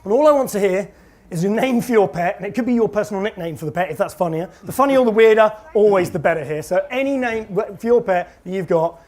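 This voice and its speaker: A man's voice: sits high, darkish tone. A young man, a comic book author, giving a playful, exaggerated live talk to an audience of children. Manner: playful and exaggerated, quick to laugh at his own jokes.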